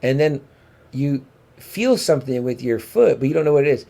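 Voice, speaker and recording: A man co-hosting a comic book podcast, excitable, swearing and often asking his co-host to agree. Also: medium pitch, moderate pace, creaky. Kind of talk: casual comic book review chat.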